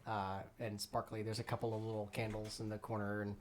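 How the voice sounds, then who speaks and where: A man's voice: on the low side, monotone, brisk, a little hiss or hum. A man running a tabletop game as game master, describing scenes in a loose, hesitant way full of ums and likes.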